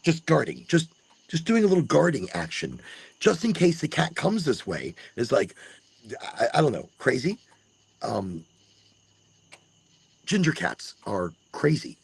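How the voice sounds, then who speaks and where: A podcast host delivers a late-night monologue outside on rural land, insects chirping around him. His mid-range voice swings hugely in pitch, carries vocal fry and a breathy edge, and moves at a measured pace with long pauses, rambling and restarting as he shifts from jokes to sincere encouragement.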